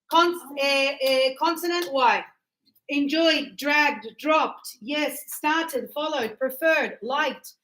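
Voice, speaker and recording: Slow, high-voiced woman teaching class. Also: pushed and bright. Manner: explains patiently, acts out examples. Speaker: English teacher. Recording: echoey classroom.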